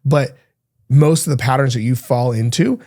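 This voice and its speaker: A man's voice: medium pitch, moderate pace, warm tone. A man hosting a podcast as a diet coach, giving a blunt, emphatic monologue and swearing freely.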